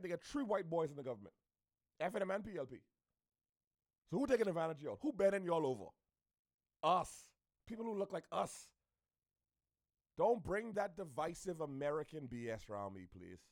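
A man from the Bahamas with a Bahamian accent, ranting to camera in an animated, preachy way, repeating his points. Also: a little high, no echo, studio quality. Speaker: social media commentator. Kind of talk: opinionated rant to camera.

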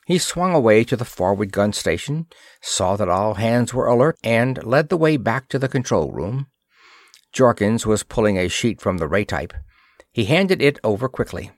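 A man reading an old pulp science fiction story aloud in a steady, dramatic storytelling manner. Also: lowish voice, moderate pace, no room sound, studio quality. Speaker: narrator.

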